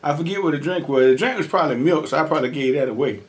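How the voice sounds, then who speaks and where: A young man hosting a mukbang eating show tells a story casually at a racing pace, his voice fairly high. He laughs often and acts out the quotes.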